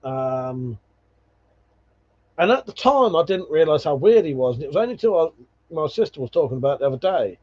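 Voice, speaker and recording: In dull lo-fi stream audio, a man hosts a casual livestream, going through viewer comments and spinning rambling, swear-filled stories with laughter. His fairly high voice is sing-song and brisk, broken by long pauses.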